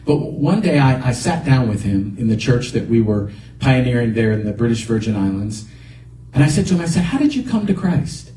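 A man pastor preaching a sermon in a church, animated, often calling out praise. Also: medium pitch, a little fast, reverberant, far from the mic, rough recording. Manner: animated, repeats exhortations.

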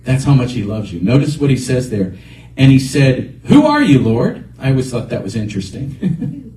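A man's voice: medium pitch, sing-song, moderate pace, dark tone. A man preaching a sermon as a pastor, earnest and emphatic, repeating his key points. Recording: echoey room picked up from a distance.

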